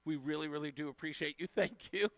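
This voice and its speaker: A man's voice: a little high, quick pace, creaky, fairly bright tone, no echo. A man hosting a live radio talk show, chatting casually and effusively thanking donors. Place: radio studio.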